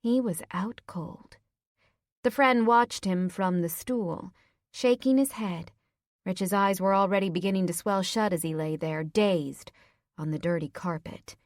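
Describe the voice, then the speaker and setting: A woman reading a romance audiobook in first person, clear and even. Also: lowish voice, a little slow, no room sound, studio quality. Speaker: audiobook narrator. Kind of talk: first-person scripted narration.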